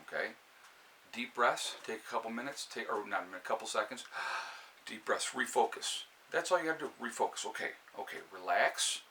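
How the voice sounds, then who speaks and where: A man with a New York accent, hosting a casual live stream and giving steady, calm advice with plenty of fillers and restarts. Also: mid-range voice, slight background noise, rough recording. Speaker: prepper channel host. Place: indoors by a fire, with a cat nearby.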